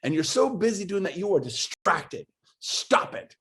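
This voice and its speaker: Brief: a husky-voiced male real estate coach on a video call, pushy and emphatic, building to exclamations. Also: high voice, big pitch swings, unhurried, a bit bright. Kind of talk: motivational webinar talk.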